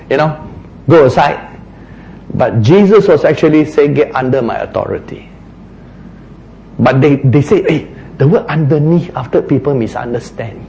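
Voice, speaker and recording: A man preaching a sermon, acting out quotes, sometimes shouting and then dropping to a hush. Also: a little high, slight background noise, rough recording. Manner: animated, acts out quotes, shouts and drops to a hush.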